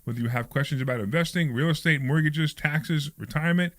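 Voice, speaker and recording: A man hosting a radio talk show, joking fast and animatedly with his co-host in the studio. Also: a little high, fairly bright tone, no echo. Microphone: studio microphone.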